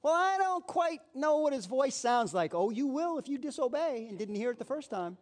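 Very high-voiced male preacher. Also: moderate pace. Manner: lively preaching, acts out voices. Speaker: pastor. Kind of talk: sermon.

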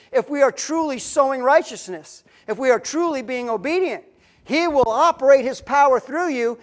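Emphatic high-voiced woman preacher. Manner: earnest, emphatic, rises and drops in volume. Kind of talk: sermon.

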